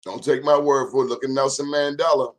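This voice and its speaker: A man's voice: mid-range voice, flat delivery, brisk. A man in his fifties hosting an informal history talk, emphatic and repetitive, urging listeners to check the facts themselves. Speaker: host.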